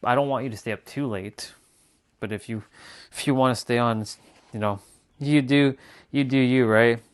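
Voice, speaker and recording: A man's voice: mid-range voice, normal speed, smooth. A man chatting casually to viewers on his live stream, rambling and repeating himself as he talks. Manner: rambling, repeats phrases and restarts. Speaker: livestreamer.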